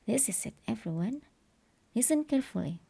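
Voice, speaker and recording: A woman teaching English pronunciation and grammar, explaining a textbook lesson slowly and stressing the example words. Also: a little high, lively intonation, gravelly, warm tone, slightly rough.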